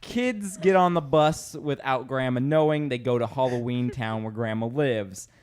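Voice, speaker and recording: A man's voice: medium pitch, moderate pace. A man hosting a podcast, joking his way through a rambling casual movie recap. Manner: joking, rambling plot summary. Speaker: podcast host.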